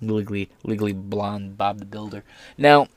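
A man's voice: on the low side, normal speed, no room sound. A man giving casual, profane political commentary, sarcastic and mocking, often slipping into put-on voices to mimic others.

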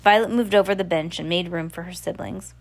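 A woman's voice: on the low side, brisk. Casual woman reading aloud, stumbling. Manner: casual, stumbles and rereads words. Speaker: reader. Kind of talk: casual read-aloud of a novel.

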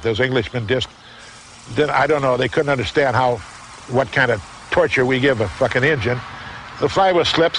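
A man's voice: mid-range voice, a bit bright, a little hiss or hum, rough recording. An older man telling a rambling, profane racing story, laughing as he goes. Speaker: interviewee. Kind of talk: casual storytelling.

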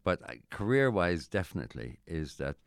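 A middle-aged Irish man chatting casually as an interviewee, rambling and halting with many restarts. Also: low-pitched, big pitch swings, gravelly, smooth, no echo, clean studio sound. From Ireland. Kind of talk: casual chat.

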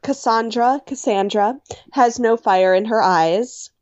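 A woman's voice: fairly high pitch, slow, a little mellow, no room sound, highs cut off. A woman co-hosting a casual podcast chat, making blunt and wry remarks. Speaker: podcast co-host. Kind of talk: casual chat recapping a reality show.

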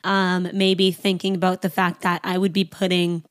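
A woman's voice: on the low side, little pitch movement, normal speed. A young adult woman hosting a podcast, telling a personal story in a candid, chatty way, full of "like" and blunt asides. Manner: candid and chatty, heavy use of "like"; blunt, frank about awkward topics. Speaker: podcast host. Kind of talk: casual storytelling monologue.

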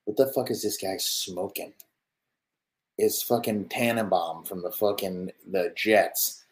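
Deep-voiced guy in his 20s cussing nonstop while he streams and rambles over football clips. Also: measured pace, poor audio. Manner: profane, swears constantly; loose and rambling, talks to viewers. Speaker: streamer reacting to football highlights. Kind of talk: casual live-stream commentary.

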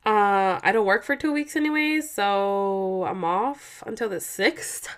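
A woman's voice: mid-range voice, a little slow. Young woman vlogging from home, casual swearing rant, exasperated, rambling. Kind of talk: casual ranting monologue.

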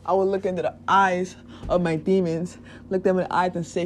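A woman's voice: lowish voice, level tone, a little fast. A woman from Nigeria hosting a podcast, talking in a casual, candid, profane way, laughing often and leading affirmations. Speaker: podcast host. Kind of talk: casual spiritual podcast monologue.

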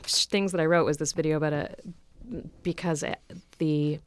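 Animated woman comedian, lowish voice. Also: moderate pace, smooth, no echo. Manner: animated, acts out quotes in shifting voices. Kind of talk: casual chat.

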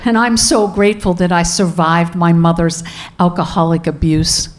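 A middle-aged woman telling a personal story to an audience, deliberate and emphatic, repeating words for stress. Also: fairly low pitch, fairly even intonation.

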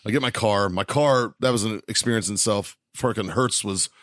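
A man's voice: on the low side, a little fast, a bit bright, no room sound. A man hosting a podcast in a studio, telling a long, profane, rambling story with frequent laughs. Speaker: podcast host.

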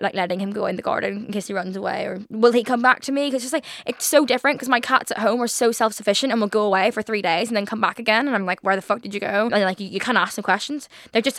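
A young woman of twenty talks quickly and loosely, piling on fillers and swearing. She hosts a casual solo podcast. The voice sits close and dry, with no room sound around it. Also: mid-range voice, a bit bright, no echo. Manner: chatty, swears freely, frequent fillers. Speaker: podcast host. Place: London.

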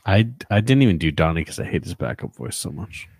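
A man co-hosting a podcast in relaxed chat, reading out quotes with small chuckles. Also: deep voice, quick pace, creaky, slightly rough, no echo, studio quality. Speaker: podcast co-host.

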